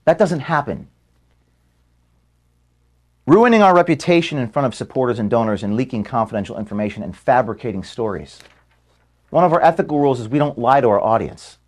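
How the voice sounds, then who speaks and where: A man records a farewell statement for his staff in an office room. His voice sits at an ordinary middle pitch, and his delivery is earnest and measured. When he is moved he turns quiet and halting. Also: expressive. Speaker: organization founder addressing staff.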